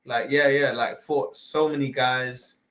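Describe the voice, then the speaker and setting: Casting: male podcast host, mid-range voice, rambling casual delivery, swears freely, fills pauses with "uh". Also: mid-range voice, fairly even intonation, a bit bright, low-quality recording. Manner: rambling, full of fillers and restarts, swears casually. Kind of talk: casual fight-talk podcast chat.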